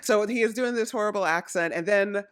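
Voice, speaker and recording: Rambling excitable woman recapping wrestling. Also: medium pitch, brisk, smooth. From Jamaica. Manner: rambling, excitable, jumps between topics. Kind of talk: casual chat.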